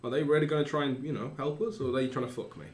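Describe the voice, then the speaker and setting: A man's voice: mid-range voice, steady tone, rapid-fire. Rambling man running a tabletop game. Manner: conversational, rambling with restarts. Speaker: game master. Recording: roomy echo.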